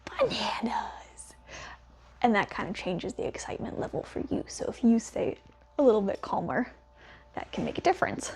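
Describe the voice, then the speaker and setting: A young woman, a dog trainer, explaining as she works a dog, talking slowly and steadily and praising quietly, sometimes in a whisper. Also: mid-range voice, very animated, breathy edge.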